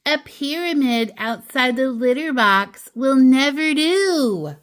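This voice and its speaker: A woman's voice: high voice, lively intonation, takes it slowly, fairly bright tone, pitched above the performer's own voice, heavily acted. A woman voicing a fussing cat mother scolding her son in a sing-song storybook way.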